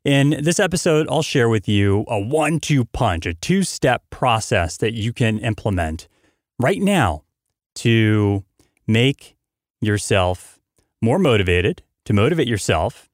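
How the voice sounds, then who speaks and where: A man's voice: fairly low pitch, sing-song, a little slow, dry recording, studio quality. A man hosting a motivational podcast, talking energetically and emphatically, hammering points through repetition. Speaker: podcast host.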